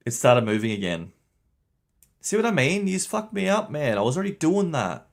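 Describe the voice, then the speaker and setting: A man's voice: fairly high pitch, very animated, fairly quick, vocal fry. A young man streaming a game, chatting casually with his viewers, swearing and laughing often. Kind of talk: casual livestream commentary.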